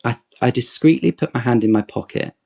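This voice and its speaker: A man's voice: medium pitch, brisk, gravelly, husky. A man in his forties telling a long fan story in a casual podcast chat, acting out quotes as he goes. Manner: animated, digressive anecdote with acted-out quotes.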